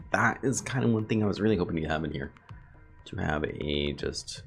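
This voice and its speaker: Super deep voiced guy with gravel in it, chatting thru his mech game, music going in the background. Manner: chatty, thinks aloud, talks to chat viewers. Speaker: gameplay video host. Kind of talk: casual let's play commentary. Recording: game music playing behind.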